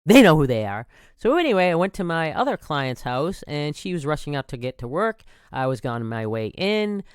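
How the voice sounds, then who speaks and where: A man's voice: on the high side, big pitch swings, moderate pace, clean tone, no room sound, clean studio sound. A man around sixty hosting a podcast, talking in a casual, rambling monologue full of restarts and self-corrections. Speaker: podcast host.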